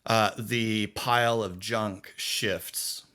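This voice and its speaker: A man running a tabletop game as game master, his voice sitting a little low. He narrates in a halting way, with plenty of "uh" and "like" as he works out the scene. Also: steady tone, pushed and bright. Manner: halting, filler-laden narration.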